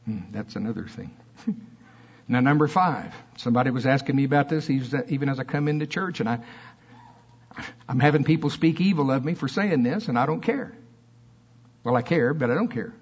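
A man preaching a sermon in church with fiery emphasis that drops into soft asides. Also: medium pitch, moderate pace, pauses often, husky, lo-fi sound.

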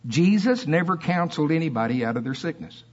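A man preaching a sermon in church with fiery emphasis that drops into soft asides. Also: on the high side, expressive, a little fast, lo-fi sound.

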